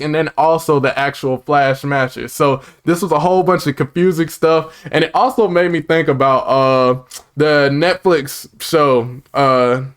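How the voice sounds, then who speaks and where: Excitable rambling man reviewing a show. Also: fairly high pitch, clear, resonant tone. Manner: rambling, excitable, lots of "like" fillers and asides. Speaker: TV episode reviewer. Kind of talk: casual recap and review.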